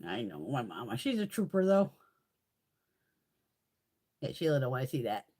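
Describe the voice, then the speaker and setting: Woman on a makeup livestream, husky voice, swears constantly, voice swoops all over. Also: very deep voice, sing-song, normal speed, mellow. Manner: rambling, swears a lot; chatty, laughs often. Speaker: beauty live streamer. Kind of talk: casual live-stream chat.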